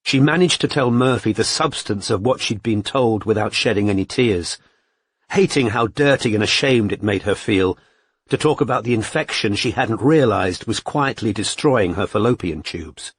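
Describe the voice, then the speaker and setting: Husky male audiobook narrator. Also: on the low side, animated, normal speed, no echo. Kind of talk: scripted narration.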